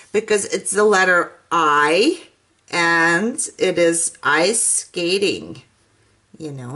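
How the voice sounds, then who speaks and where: A woman whose first language is not English talks through a craft tutorial at an unhurried pace. She chats casually and laughs often as she works. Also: lowish voice, pushed and bright. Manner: chatty and self-deprecating, laughs often. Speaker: craft channel host.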